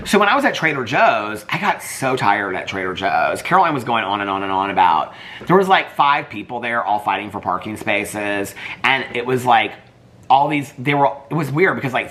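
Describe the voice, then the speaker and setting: A man's voice: medium pitch, pushed and bright. A man vlogging casually, rambling through a story with lots of fillers and quoted dialogue.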